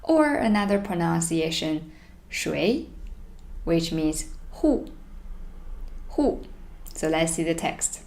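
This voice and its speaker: A woman teaching a beginners' Mandarin lesson, reading each sentence twice slowly and explaining it in English. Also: on the low side, big pitch swings, darkish tone. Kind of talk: language lesson.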